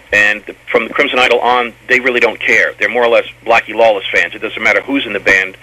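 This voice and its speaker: A man with a low, husky voice and a bright, forceful edge. He rambles through his memories, stammering and doubling back on his words as he answers an interviewer. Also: rough recording. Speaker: former band member guest. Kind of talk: storytelling interview.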